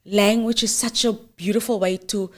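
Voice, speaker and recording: A woman from the Cape Flats with a Cape Flats South African accent, chatting casually as a guest and mixing in Afrikaans, animated and quick to laugh. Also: mid-range voice. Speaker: guest, theatre producer. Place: lives in New York.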